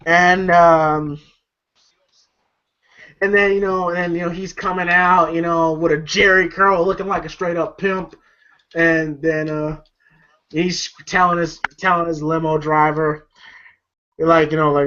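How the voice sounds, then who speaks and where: A man's voice: fairly high pitch, flat delivery, measured pace, long pauses, sharp tone. Rambling, profane male movie reviewer. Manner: rambling, profane, lots of fillers. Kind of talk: casual movie review vlog. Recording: dull lo-fi recording.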